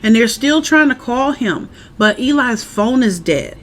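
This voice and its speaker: A woman, a parent, chatting casually outdoors in the wind as she recaps a TV episode and acts out the characters' lines with animated energy. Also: on the high side, a little slow. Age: adult parent. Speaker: show recap vlogger. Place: outdoors, windy.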